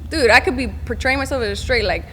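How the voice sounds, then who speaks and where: Young woman guest, slangy storyteller, rapid delivery, echoing room. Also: on the high side, bright, forceful tone, slight background noise. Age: young adult. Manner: fast, slangy storytelling with swearing. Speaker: musician guest. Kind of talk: casual podcast chat.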